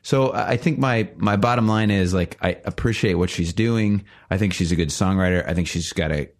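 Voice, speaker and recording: Low-voiced man, thoughtful and measured. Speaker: podcast panelist. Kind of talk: casual chat.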